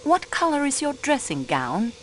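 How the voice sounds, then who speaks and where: A woman's voice: high-pitched, normal speed, slight background noise, exaggerated voice. An actress with a French accent playing a composed, polite female investigator in a game. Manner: calm, polite, formal questioning. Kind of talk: video game voice acting.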